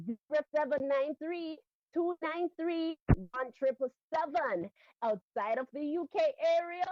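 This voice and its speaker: A woman's voice: high-pitched, no echo, lo-fi sound. A Jamaican woman co-hosting a radio show, reading an entertainment news segment in an upbeat, polished broadcast manner. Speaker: radio co-host.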